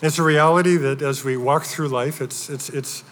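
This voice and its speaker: A man's voice: on the high side, steady tone, moderate pace, a bit bright. A man preaching a sermon as pastor, earnest, with frequent restarts and building emphasis. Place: church sanctuary. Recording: long hall reverb.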